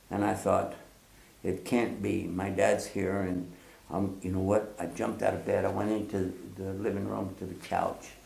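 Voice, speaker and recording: An older man from the northern United States, casually telling a childhood story, animated and laughing often as he acts out the voices in it. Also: on the low side, vocal fry, echoey room.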